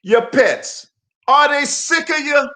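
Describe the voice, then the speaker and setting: A man's voice: extremely high pitch, expressive, slow, bright, forceful tone, slight background noise. A male co-host in casual comedic chat who rambles and keeps repeating himself.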